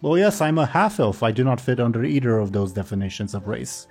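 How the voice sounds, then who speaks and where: A man's voice: medium pitch, expressive, brisk, darkish tone, slightly rough, soft background music. A man running a tabletop game as game master, narrating in a rambling, self-correcting, casual way.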